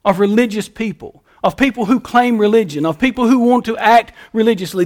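A male pastor delivering a sermon with a lilt. His voice is notably high for a man, and he preaches in a folksy style, leaning hard into his emphases.

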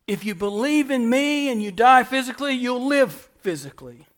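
A pastor preaching a sermon in church, repeating phrases for emphasis and moving between soft and loud delivery. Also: male voice, very high voice, animated, moderate pace.

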